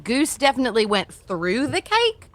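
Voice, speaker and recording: A woman's voice: high voice, very animated, normal speed, a bit bright, dry recording. A woman playing a tabletop game, teasing her friends with playful remarks. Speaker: player. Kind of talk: casual tabletop game banter.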